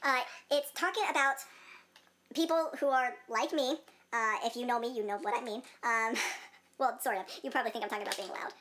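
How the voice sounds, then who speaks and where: A woman's voice: fairly high pitch, fairly quick, a bit bright. A young woman in casual chat, rambling with many fillers and laughing often.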